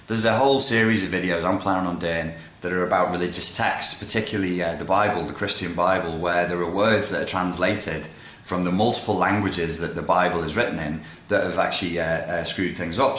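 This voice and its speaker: A man with a somewhat low voice rattles through an explanation in a loose, chatty way. He gets carried away, stops himself mid-thought and starts again. The room around him gives his voice a noticeable echo. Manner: excitable, self-interrupting, jumps between tangents. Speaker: video creator explaining philosophy. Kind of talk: casual spoken explainer. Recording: roomy echo.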